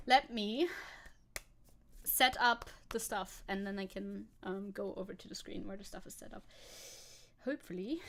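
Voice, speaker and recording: A young woman streaming as a VTuber, chatting casually and rambling, often giggling and reading chat aloud. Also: medium pitch.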